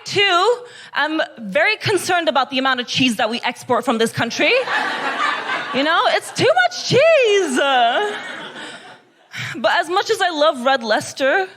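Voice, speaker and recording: High-voiced sarcastic woman comedian. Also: fairly bright tone. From Kazakhstan. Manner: sarcastic, mock-gushing irony. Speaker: stand-up comedian. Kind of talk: stand-up comedy set. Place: comedy club.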